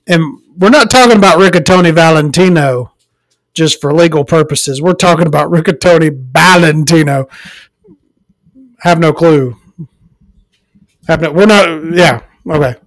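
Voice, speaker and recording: गाली-भरी, हँसती हुई दक्षिणी अमेरिकी महिला होस्ट, सूखी आवाज़. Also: female voice, fairly low pitch, no echo, rough recording. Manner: profane, ranting, chuckles often. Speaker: podcast host. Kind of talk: casual podcast monologue. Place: at home with her dog.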